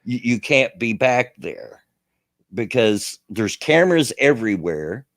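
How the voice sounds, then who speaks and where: A man's voice: mid-range voice, sing-song, measured pace, a bit bright, dry recording, studio quality. A man hosting a radio show, telling a rambling story in casual chat, chuckling often and full of fillers.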